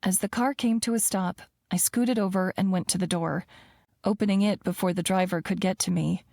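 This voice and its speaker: A woman narrating a first-person romance audiobook in an even, measured storytelling voice, close to the mic. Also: fairly low pitch, creaky, no echo.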